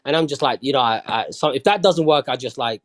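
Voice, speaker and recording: A man's voice: mid-range voice, expressive, fast talker. A man from London, a podcast guest in casual chat, talking bluntly with plenty of swearing and often asking if you understand.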